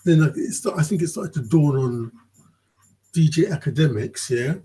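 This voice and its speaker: A very husky, raspy man with a dark, mellow tone talks through a casual commentary vlog. He rambles, swears freely and keeps checking in with the listener. The delivery is loose and conversational. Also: a little high, lively intonation, normal speed, low-quality recording. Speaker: vlogger.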